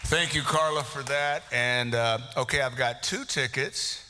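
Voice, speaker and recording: A man's voice: mid-range voice, a little slow, sharp tone, faint music behind. A man emceeing a live prize raffle in a meeting hall, teasing people and calling out names to the crowd. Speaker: event emcee. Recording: long reverb of a big hall.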